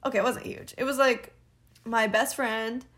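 A woman's voice: a little high, fairly even intonation, moderate pace, fairly bright tone. A young woman of about twenty, venting casually on her own podcast, rambling with lots of fillers and laughing now and then. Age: young adult. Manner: rambling, filler-heavy, candid, frequent laughs. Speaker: podcast host.

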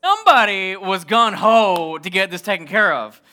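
Animated, bright-voiced male pastor. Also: high voice, moderate pace. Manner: animated, comic, acts out dialogue. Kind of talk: storytelling sermon.

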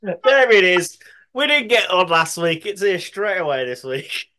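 A man's voice: sits high, very animated, a little slow, sharp tone. A man co-hosting a podcast in casual comedic chat, laughing often and swearing freely. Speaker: podcast co-host.

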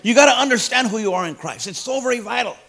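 A man preaching a sermon in a folksy, emphatic way, often stumbling over fillers and repeated words, then building up to loud declarations. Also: extremely high pitch, animated, fast talker, vocal fry.

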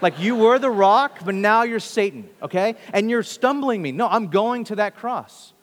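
A preacher voicing a calm resolute teacher. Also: male voice, sits high, normal speed, pitched above the performer's own voice. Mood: firm. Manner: casual paraphrase, firm. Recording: long hall reverb.

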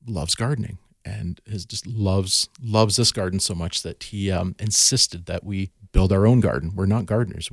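Gravelly low-voiced man telling garden stories. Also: no room sound, clean studio sound. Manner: storytelling, many restarts and fillers. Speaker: podcast guest, garden educator. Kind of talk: casual podcast conversation.

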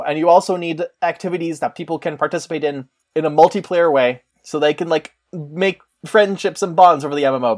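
A podcast co-host in casual chat, rambling with quick asides. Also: mid-range voice, a little mellow.

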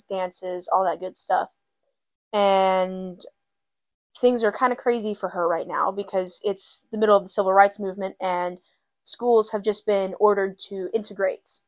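A woman's voice: medium pitch, dry recording. A woman hosting a book segment, casually introducing a novel and then reading its first chapter aloud. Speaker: book reader and host.

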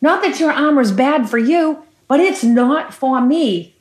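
A woman's voice: high-pitched, lively intonation, unhurried, pitched above the performer's own voice. Earnest, confident young shepherd read by a woman preacher, in a room with a roomy echo.

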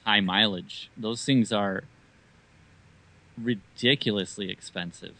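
A man's voice: lowish voice, slow pace, pushed and bright, poor audio. A man in casual podcast chat, trading dry, wry jokes.

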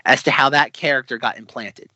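Male podcast co-host, mid pitch, bright tone, dry close lo-fi sound, insistent explainer. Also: steady tone, brisk, no echo. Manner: persistent, interjects with repeated words, explanatory. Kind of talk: casual film discussion.

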